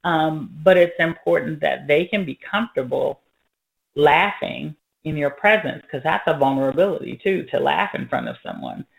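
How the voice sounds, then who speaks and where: Gravelly-voiced joking mom. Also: female voice, deep voice, moderate pace, poor audio. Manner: joking, playful, self-mocking. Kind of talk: casual parenting conversation.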